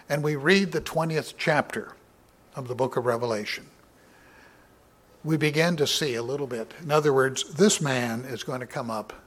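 Man, Bible study sermon, reads verses with emphasis, casual explaining, fillers, clears throat. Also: mid-range voice, fairly bright tone. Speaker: Bible teacher.

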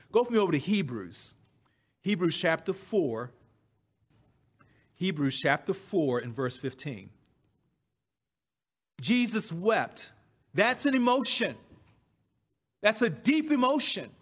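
A man's voice: sits high, fairly bright tone. A man preaching a sermon, repeating key phrases with emphasis. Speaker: pastor.

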